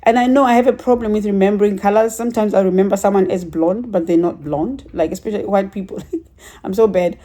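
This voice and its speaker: A woman's voice: mid-range voice, fairly even intonation, fast, mellow. A woman giving a casual, rambling church testimony, chatty and a little emotional. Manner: chatty and rambling, with frequent laughs and some emotion. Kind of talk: casual spoken testimony story.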